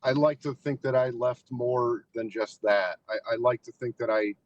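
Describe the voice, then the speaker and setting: A male guest with an average-pitched voice, talking in casual interview chat. He sounds candid and reflective and pauses often on fillers. The recording is dry and close. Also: no echo, muffled recording. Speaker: podcast guest, haunt actor.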